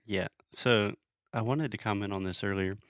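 A man co-hosting a casual language podcast, explaining points clearly with a teasing edge. His voice sits low, and the recording is dry and close with little room sound. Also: fairly even intonation, normal speed, a bit bright, dry recording. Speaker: podcast co-host, English teacher. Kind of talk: casual conversational English lesson.

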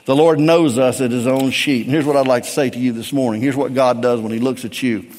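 A middle-aged man, a pastor, preaching a sermon with emphatic swings between raised and hushed delivery. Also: mid-range voice, steady tone, a little fast, in a large hall.

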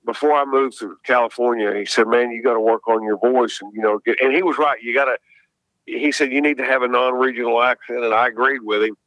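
A man's voice: mid-range voice, fairly even intonation, brisk, a bit bright, no echo, poor audio. An older man, a guest actor, chatting casually in a radio interview with rambling stories.

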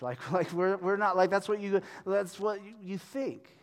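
A man's voice: high-pitched, animated, moderate pace, few pauses. A man giving a sermon as a pastor in a conversational way, often checking in with the room. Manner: conversational, checks in with "right?" and "okay?". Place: church hall. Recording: long reverb of a hall.

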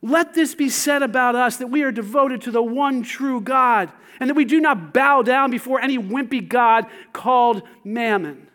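Pastor guy preaching, really high voice, goes loud then real quiet. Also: normal speed, hardly any pauses. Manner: dynamic preaching, swings from loud to hushed. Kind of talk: sermon.

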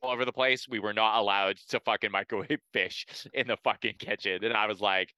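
A man's voice: on the low side, fairly even intonation, a little fast, sharp tone, smooth, dry recording. A man co-hosting a casual comedy podcast, swearing freely and riffing through stories with amused, rambling energy. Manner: profane, rambling, amused storytelling. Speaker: podcast co-host.

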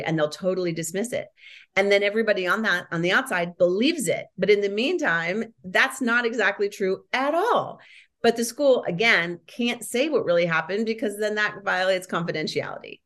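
A woman answering interview questions about schools and parenting, explaining with emphasis and shifting between quick bursts and slow stresses. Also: medium pitch, fairly bright tone.

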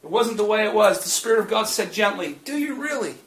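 High-voiced preacher man in an echoey church. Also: quick pace, a bit bright. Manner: candid and confessional, building to fervent emphasis. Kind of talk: personal testimony sermon. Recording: echoey room.

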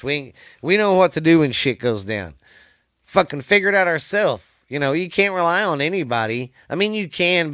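A man's voice: mid-range voice, fairly bright tone, dry recording. A man with a Texan accent hosting his own podcast from a home studio, talking in a rambling, folksy, profane way. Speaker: podcast host. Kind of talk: casual solo podcast chat. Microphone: studio mic, seen on camera.

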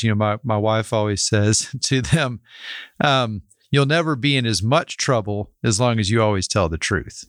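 Relaxed lower-voiced male podcast host. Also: no echo, studio quality. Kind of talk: casual interview chat.

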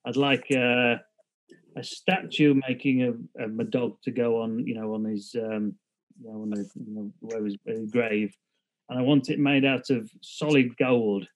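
A man voicing a plain-spoken man grieving his dog in a joke, low and earnest. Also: fairly even intonation, unhurried, lightly acted, rough recording.

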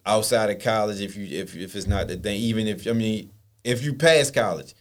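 A young man hosts a casual podcast, his voice sitting low. He talks loosely in slang and laughs often. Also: fairly quick. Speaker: podcast host. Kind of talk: casual chat.

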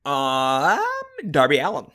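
A man's voice: medium pitch, takes it slowly, pushed and bright, clear, resonant tone. A man hosting a casual podcast chat, reading out names and keeping the vote moving. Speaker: podcast host.

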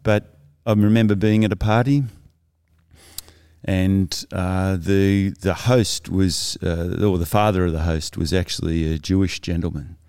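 A middle-aged man, a podcast guest telling his personal story in a reflective, halting way with many restarts. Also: deep voice, fairly even intonation, a little mellow, clean tone, dry recording, clean studio sound. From Australia.

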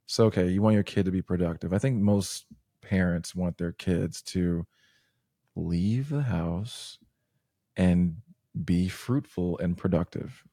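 Very deep-voiced man giving casual advice. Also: measured pace, warm tone, dry recording, studio quality. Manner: thinking aloud, many fillers and restarts. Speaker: podcast host.

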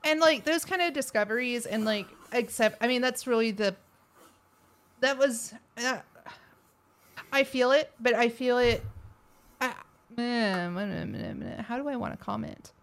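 A young adult with a Texan accent, talking casually on a podcast, rambling with many fillers and restarts. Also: female voice, a little high, moderate pace, long pauses. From Texas.

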